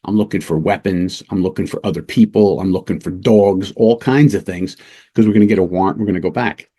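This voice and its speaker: A middle-aged man, a police lieutenant, teaching undercover work through a casual, lively anecdote told with small restarts. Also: sits low, brisk, slightly rough. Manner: lively anecdotes, acts out quoted voices, fillers and restarts. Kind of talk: casual storytelling lesson.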